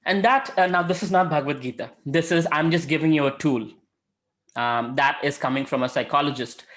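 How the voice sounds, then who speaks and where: A man with a slightly high voice teaching an informal spiritual lesson as a mentor. He speaks conversationally, with many filler sounds, and acts out quotes from his stories. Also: fairly quick, a bit bright.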